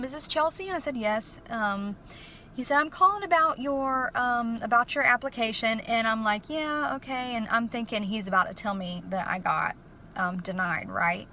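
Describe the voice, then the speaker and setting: Young woman, emotional chatty vlogger, higher bright voice, faint hiss. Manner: chatty, emotional, lots of fillers. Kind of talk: casual testimony vlog. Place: inside a car.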